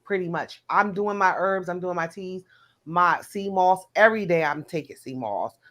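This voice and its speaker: A middle-aged woman from New Jersey with a New Jersey accent, co-hosting a casual chat in an animated, chatty way. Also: lowish voice, moderate pace. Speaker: co-host.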